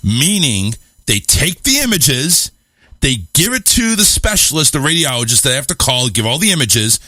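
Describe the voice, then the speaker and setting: A man with a bright, forward voice tells a rambling, self-mocking story in casual talk-show chat. He swears freely and keeps things lively. His voice sounds close and dry. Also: a little high, moderate pace, dry recording. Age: adult, married. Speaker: radio show host.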